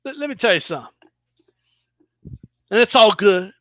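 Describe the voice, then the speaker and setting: A man hosting his own boxing channel, giving casual, animated commentary with a mocking edge and frequent restarts. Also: sits high, normal speed, no room sound.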